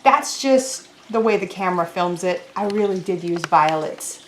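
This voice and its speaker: A woman teaching a children's lesson, talking slowly and clearly in a sing-song teacher voice to young kids. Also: lowish voice, animated, background noise. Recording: roomy echo.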